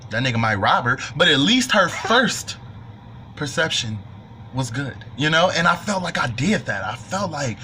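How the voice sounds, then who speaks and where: Young male vlogger, bright and fairly high voice, animated joking storyteller. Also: normal speed, a little hiss or hum. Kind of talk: storytime monologue.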